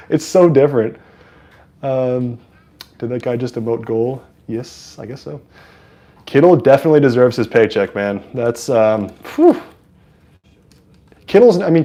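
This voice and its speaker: A livestream host from San Francisco who comments casually on a football game, full of fillers and quick bursts of excitement. His voice is mellow and soft-edged, at an ordinary mid pitch. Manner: chatty and excitable, with frequent fillers. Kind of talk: casual live sports commentary.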